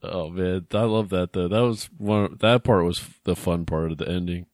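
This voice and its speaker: Male podcast co-host, deep voice, laid-back and jokey, dry close-mic sound. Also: steady tone, normal speed, darkish tone, dry recording. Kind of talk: casual movie recap chat.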